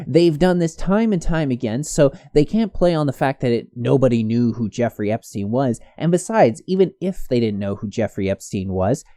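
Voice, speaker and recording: A man's voice: mid-range voice, expressive, moderate pace, few pauses, mellow, no echo, studio quality. A man giving casual commentary on a news story, rambling with many restarts. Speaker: commentary host.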